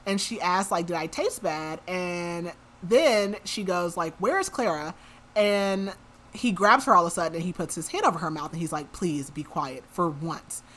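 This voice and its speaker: Here the host's voice sits on the low side, fairly bright, with lively intonation and a normal pace. She chats her way through a novel's plot as a casual book recap, using "like" frequently and voicing the characters' quotes just as she normally talks.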